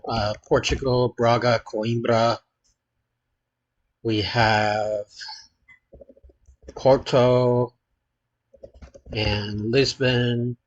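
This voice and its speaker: Guy mumbling thru a map quiz, super slow and halting, lots of ums, mid-pitched. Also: a bit bright, dull audio. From United States. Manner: hesitant, halting, frequent filler pauses. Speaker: channel host playing a geography quiz. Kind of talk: thinking-aloud quiz commentary.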